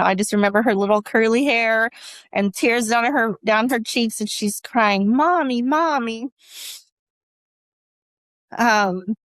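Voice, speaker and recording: A woman giving emotional personal testimony as an interview guest, speaking earnestly and haltingly with many restarts. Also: medium pitch, a bit bright, no echo.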